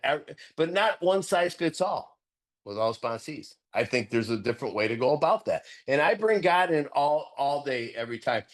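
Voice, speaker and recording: A middle-aged man talks candidly about recovery and sponsoring others. He is earnest and animated and laughs often. When a point matters to him, his voice leaps sharply upward. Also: mid-range voice. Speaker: recovery sponsor sharing at a meeting. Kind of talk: candid recovery-meeting share.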